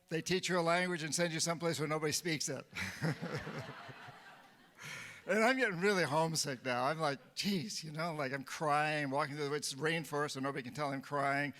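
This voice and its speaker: A man's voice: a little high, bright, forceful tone. A man in his seventies from New Hampshire giving a storytelling lecture at a conference. His humor is wry and self-deprecating, and he chuckles at his own jokes. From New Hampshire, USA. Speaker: conference speaker. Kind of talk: storytelling lecture to a live audience.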